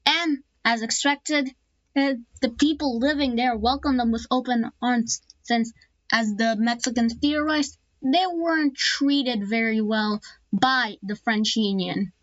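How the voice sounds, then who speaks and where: A woman talks through an alternate-history map in a loose, casual way, stumbling over restarts and filling gaps with "uh". She drops jokey asides as she goes. Her voice sits a bit high, and the dry, dull lo-fi mic has no room sound at all. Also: a little slow, no echo. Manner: rambling, with many fillers and restarts. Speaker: map video narrator.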